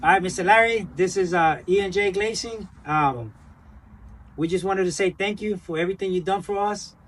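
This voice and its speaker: A small business owner giving a chatty, rambling thank-you message full of fillers. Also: male voice, high-pitched, moderate pace, slight background noise, rough recording.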